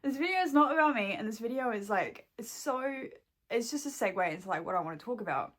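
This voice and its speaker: A woman's voice: on the high side, lively intonation, fast talker, a bit bright. A young woman and shop worker venting to her camera at home, swearing heavily and rambling, close to tears. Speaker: vlogger and shop employee.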